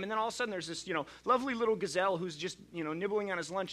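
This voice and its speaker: A man's voice: high voice, animated, quick pace, pushed and bright. A male pastor preaching a sermon in a conversational, storytelling way, often restarting his sentences.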